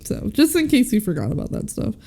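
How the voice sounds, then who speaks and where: A woman co-hosting a podcast, casually recapping a movie and quoting its characters in lively voices. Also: fairly high pitch, a little fast. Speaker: podcast co-host. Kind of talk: casual film recap chat.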